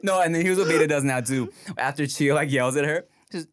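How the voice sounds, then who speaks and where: A man's voice: fairly high pitch, expressive, fast talker, hardly any pauses, slight background noise. A man co-hosting a casual podcast chat, telling stories in slangy talk and laughing often. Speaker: podcast co-host.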